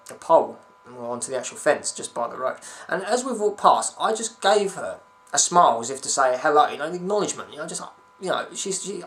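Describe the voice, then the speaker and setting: A man's voice: medium pitch, a bit bright. A young man ranting to camera at home in a rambling, sweary, sarcastic way. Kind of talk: casual ranting vlog.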